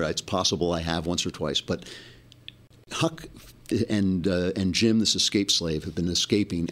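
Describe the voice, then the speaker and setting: A male host giving an impassioned monologue commentary, often restarting his sentences. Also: lowish voice.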